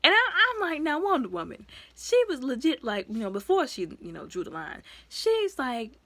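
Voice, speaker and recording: A woman giving a casual, rambling recap of a movie as a reviewer. She talks in a lively, expressive way, full of asides and fillers. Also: moderate pace, no echo. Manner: lively and expressive, with sudden jumps in pitch and loudness.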